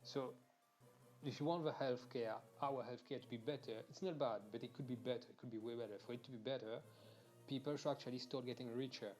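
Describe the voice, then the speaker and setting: A young man rants on his game stream, animated and blunt, swearing freely and restarting his sentences as he goes. His voice sits at an ordinary middle pitch, with quiet game music running underneath. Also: a little fast. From Mauritius. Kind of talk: casual ranting during a game stream.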